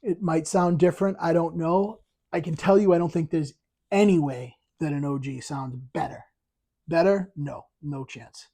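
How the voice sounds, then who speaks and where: A man chats casually to camera about his latest records, talking with real enthusiasm. He rambles and restarts often, with plenty of ums along the way. His voice sits a little high for a man, with a warm, mellow tone. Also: steady tone, moderate pace. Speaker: vinyl collector channel host. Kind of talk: casual record review vlog.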